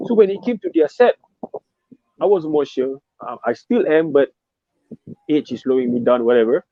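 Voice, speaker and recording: A man with a Malaysian English accent, an emcee telling stories in a casual interview, often repeating words when he gets excited. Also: mid-range voice, normal speed, long pauses, no echo. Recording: dry, phone-like narrow sound.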